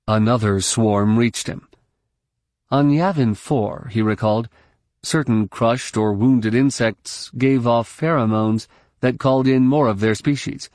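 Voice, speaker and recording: A man reading scripted narration for an audiobook in a measured, steady storytelling manner. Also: mid-range voice, no room sound, clean studio sound.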